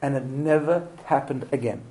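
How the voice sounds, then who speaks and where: A middle-aged man, an immigrant to Australia, gives a live parenting talk to an audience. He tells animated stories with restarts and asks the room rhetorical questions, speaking in a mid-range voice at normal speed over poor audio.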